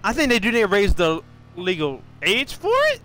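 Excitable louisiana guy, swears a lot, super high voice, noisy background. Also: normal speed. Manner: excitable, swears a lot, gets loud when arguing. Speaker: streamer. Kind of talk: casual livestream chat.

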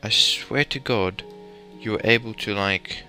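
A man's voice: lowish voice, measured pace, sharp tone, faint music behind. A young man giving casual, rambling commentary while playing a building game, muttering to himself and swearing mildly. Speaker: gamer commentator.

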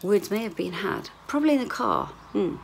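A woman's voice: medium pitch, animated, a little fast, gravelly, slight background noise. A woman, rambling candidly in a chatty video diary, sometimes swearing. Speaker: vlogger.

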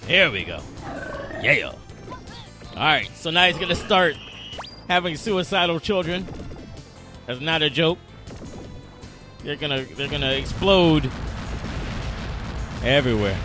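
A man's voice: on the high side, very animated, slow pace, pauses often, music in the background. A man doing game commentary, rambling through explanations and swearing at the enemies on screen. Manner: swears and scolds the game's enemies; rambling, self-repeating explanations. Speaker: let's play host.

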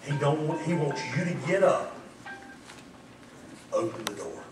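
A male pastor preaching a sermon in an animated, emphatic, folksy storytelling manner. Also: fairly high pitch, unhurried. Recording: echoey hall, distant mic, faint noise.

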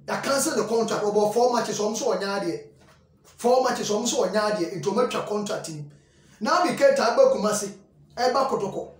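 Guy doing a casual football show, repeats stuff a lot, really echoey room, sounds far from the mic. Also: high voice. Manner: animated, repeats phrases, mixes in English. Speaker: sports show host.

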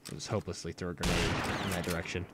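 Low-voiced man joking through gameplay. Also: little pitch movement, racing, heavy background noise. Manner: jokey, self-mocking running commentary. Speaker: let's play host. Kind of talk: gameplay commentary.

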